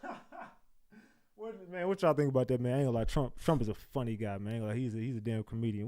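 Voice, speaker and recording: A man's voice: mid-range voice, fairly quick, mellow, no room sound, clean studio sound. Slangy man hosting a live stream. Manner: hypes the chat, slangy and repetitive. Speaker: livestream news host. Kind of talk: casual live-stream commentary.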